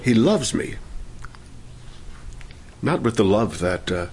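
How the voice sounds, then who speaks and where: A man leading worship and preaching a sermon, fervent in praise and gentle when he teaches. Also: on the low side, very animated, takes it slowly, a little hiss or hum. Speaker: pastor.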